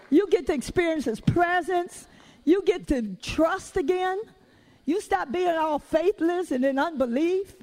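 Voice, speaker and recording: High-voiced woman preaching with lively folksy asides. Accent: Southern US. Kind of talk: sermon.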